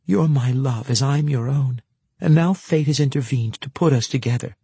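A man's voice: medium pitch, moderate pace, creaky, mellow, slightly rough, dry recording, pitched above the performer's own voice. A man voicing a determined young peasant woman who speaks in an earnest, pleading way.

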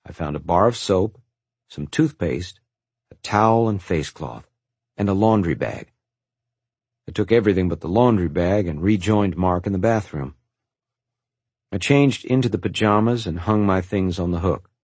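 A man with a very low, husky voice reads a first-person story in a calm, reflective way. The recording is dry and close, with no room around it. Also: moderate pace, long pauses, no room sound. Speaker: narrator. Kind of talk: first-person audiobook narration.

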